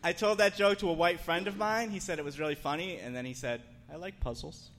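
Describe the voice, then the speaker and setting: Young man doing deadpan stand-up. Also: sits high, fast talker, noisy background. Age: young adult. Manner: deadpan, hesitant with filler "uh". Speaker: stand-up comedian. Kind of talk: stand-up set. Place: comedy club stage.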